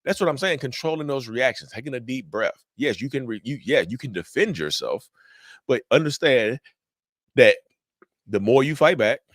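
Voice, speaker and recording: A man's voice: mid-range voice, animated, moderate pace, no room sound, clean studio sound. A man hosting a mental health channel, giving casual, repetitive advice straight to viewers. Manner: direct, repetitive, addresses viewers as y'all.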